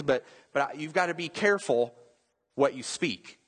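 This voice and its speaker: A man's voice: on the high side, lively intonation, measured pace, fairly bright tone, slightly rough, big-room sound. A man preaching a sermon as pastor, emphatic and repetitive, often restarting his phrases.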